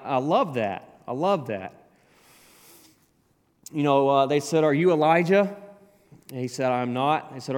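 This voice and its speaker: A man preaching a sermon, animated, acting out the voices in the scripture he quotes. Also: medium pitch. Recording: long hall reverb.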